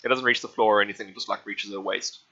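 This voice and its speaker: Bright-voiced man narrating a tabletop game. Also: on the low side, fairly even intonation, racing, lo-fi sound. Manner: casual, rambling narration with many fillers. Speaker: game master.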